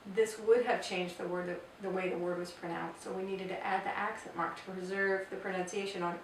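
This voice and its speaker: A woman teaching a grammar lesson, explaining step by step and repeating example phrases slowly. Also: on the low side, flat delivery, a little hiss or hum. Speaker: Spanish teacher. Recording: echoey room, voice from far off.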